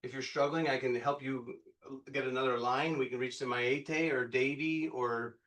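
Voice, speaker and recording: A man in his fifties leading a live real estate training workshop, excitable and loud, quizzing the room and swearing freely. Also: medium pitch, normal speed. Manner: excitable, loud, bursts into yelling; quizzes the audience, punchy and profane. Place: meeting room with a live audience. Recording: echoey room, picked up from a distance.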